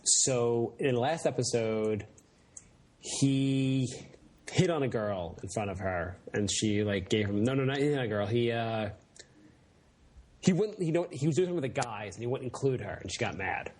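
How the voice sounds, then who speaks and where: Husky-voiced man rambling in casual chat. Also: mid-range voice, expressive, normal speed, a little mellow. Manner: rambling, many fillers, acts out silly voices when retelling scenes. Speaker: podcast co-host.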